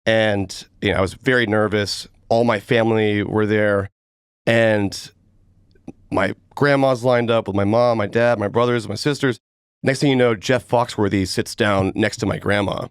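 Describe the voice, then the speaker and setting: A man's voice: on the low side, steady tone, moderate pace, clear, resonant tone, no echo, studio quality. A young man from Atlanta, hosting a podcast and speaking casually and enthusiastically, with easy laughter. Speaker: podcast host. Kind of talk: casual podcast intro and chat.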